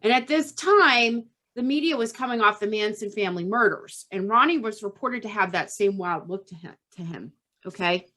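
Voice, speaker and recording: A woman's voice: medium pitch, moderate pace, pushed and bright. A woman hosting a podcast, telling a true-crime story casually and tagging her lines with "okay?". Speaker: podcast host.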